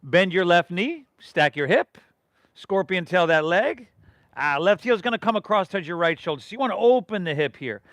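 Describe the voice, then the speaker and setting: A man's voice: high voice, sing-song, moderate pace, a bit bright, dry recording. A middle-aged man from leading a live yoga class, giving rhythmic breath and pose cues with casual, encouraging asides. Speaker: yoga instructor.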